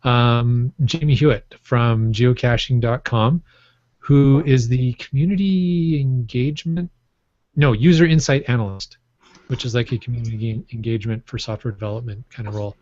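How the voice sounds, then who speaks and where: A man's voice: mid-range voice, fairly even intonation, moderate pace, darkish tone, dry recording. A man co-hosting a podcast in casual chat, rambling through his stories and laughing often. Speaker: podcast co-host. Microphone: microphone on a stand. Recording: muffled, dry podcast audio.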